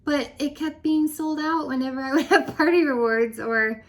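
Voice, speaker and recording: Animated woman with a higher voice. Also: normal speed. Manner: animated, laughs often, drops to dramatic whispers. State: losing her voice. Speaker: direct-sales consultant. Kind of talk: casual vlog rant.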